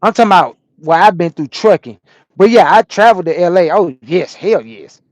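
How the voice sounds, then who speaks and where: A man from Atlanta, a truck driver chatting casually on a live stream and answering viewers' comments in a relaxed, repetitive way. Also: high-pitched, fairly quick, no room sound, studio quality. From Atlanta, USA.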